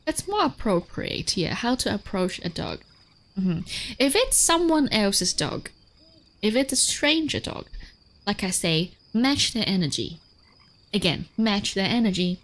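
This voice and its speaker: A woman streamer giving casual advice on dogs, chatty, with lots of fillers, swearing and frequent laughter. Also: medium pitch. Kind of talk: casual livestream chat.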